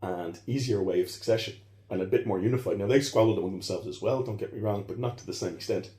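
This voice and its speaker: A man's voice: lowish voice, fast, warm tone. A man explaining history as a podcast guest, talking in a digressive way with many asides and restarts. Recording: roomy echo.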